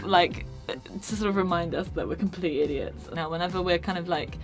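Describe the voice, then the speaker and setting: A woman's voice: fairly low pitch, brisk, music in the background. A woman, a musical's co-writer, chatting casually and mocking herself with a laugh in an interview.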